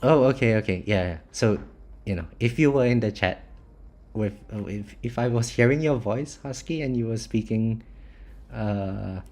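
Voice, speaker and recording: A young man from Singapore with a mild Singaporean English accent, chatting loosely with viewers on a live stream, restarting words and laughing softly. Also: lowish voice, normal speed. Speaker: live-streamer of a mobile tower-defense game. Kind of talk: casual live-stream chat, answering viewers.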